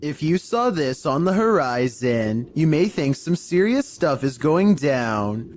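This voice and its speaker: A man narrating a compilation of creepy camera clips in a measured, scripted storytelling manner. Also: a little high, darkish tone, slight background noise. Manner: measured, mildly spooky storytelling. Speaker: narrator of a paranormal clip compilation.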